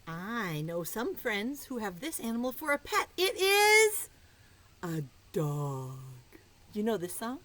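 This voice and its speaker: A woman's voice: mid-range voice, sing-song, measured pace, low-quality recording. A woman teacher reading a picture book aloud to small children, playful and coaxing, dropping to a whisper for the riddle clues. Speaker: preschool teacher.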